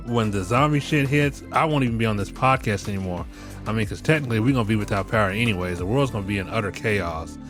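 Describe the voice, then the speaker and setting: A middle-aged man hosting a podcast, joking and ranting with profanity, often breaking into laughter. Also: medium pitch. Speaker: podcast host. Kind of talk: casual podcast commentary.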